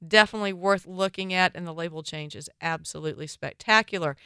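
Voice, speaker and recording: A woman's voice: on the low side, fast talker, bright, forceful tone, clean tone, no echo. A woman giving casual, opinionated wine commentary with punchy asides, recorded on a close mic.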